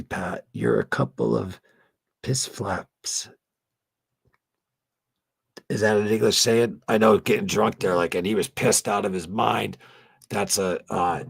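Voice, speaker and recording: A man's voice: low-pitched, vocal fry, husky, no echo. A man hosting a fan channel in a casual late-night live stream chat, rambling along and swearing freely. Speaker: host of a fan tribute channel.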